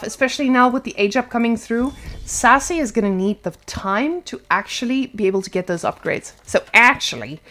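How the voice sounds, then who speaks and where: Female play-by-play caster with a fairly high voice, lively and excitable on every big moment. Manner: energetic, excitable, quick to hype plays. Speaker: esports caster. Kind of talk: play-by-play game commentary.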